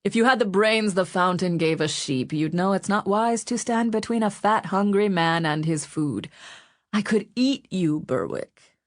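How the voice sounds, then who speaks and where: A woman's voice: mid-range voice, unhurried, no echo, clean studio sound, natural voice. A woman voicing a fat, greedy, joking Genovese man in an audiobook, in a boisterous, teasing manner. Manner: boisterous, teasing, relishing food. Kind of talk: audiobook character voice.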